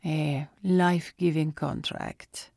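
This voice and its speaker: A man's voice: fairly high pitch, steady tone, slow pace, vocal fry, darkish tone, no room sound, studio quality. A woman doing a Russian father's spirit. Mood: persuasive. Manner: clipped phrases dropping small words. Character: father's spirit from paradise, earnest Russian man. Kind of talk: storybook narration.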